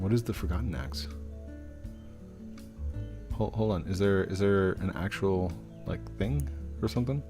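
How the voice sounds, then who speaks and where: A man's voice: low-pitched, unhurried, long pauses. A middle-aged man hosting a casual live stream, reading viewer questions aloud in a chatty, goofy way and stumbling over usernames. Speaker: game streamer. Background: faint guitar music.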